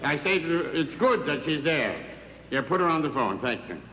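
An older comedian doing a stand-up telephone monologue with dry wisecracks and one-sided phone chatter on a large theater stage. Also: male voice, on the high side, very animated, moderate pace, a bit bright. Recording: echoey theater, dull 1960s TV sound with hiss.

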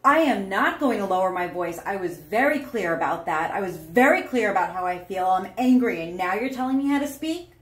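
A woman playing an angry, hostile partner who shouts, swears and turns every complaint back with sarcasm. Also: mid-range voice, expressive, a little fast, hardly any pauses, natural voice. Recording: roomy echo.

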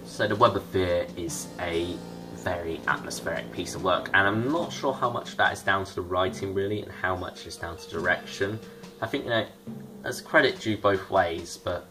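A young man giving a casual spoken review, rambling along with lots of fillers and hedges. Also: sits low. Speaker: show reviewer. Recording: clear music behind the voice.

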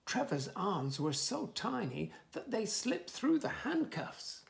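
A man's voice: high voice, slow pace, creaky. A man reading a picture book aloud to children, adding playful asides about the pictures. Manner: animated, playful asides to young listeners. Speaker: children's storyteller.

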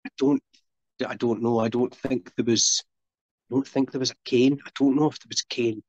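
A man's voice: mid-range voice, steady tone, normal speed, a little mellow. A Scottish man in his forties, a wrestler guest telling long anecdotes on a podcast. He talks loosely and restarts his sentences often. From Scotland. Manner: rambling anecdotal storyteller with many restarts. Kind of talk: casual podcast interview storytelling. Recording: dull dry lo-fi audio.

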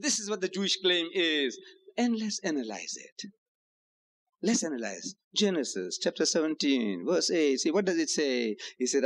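A man from Africa, giving a public lecture in a hotel hall and driving his points home with rhetorical questions and repetition. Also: a little high. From South Africa. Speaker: Islamic lecturer.

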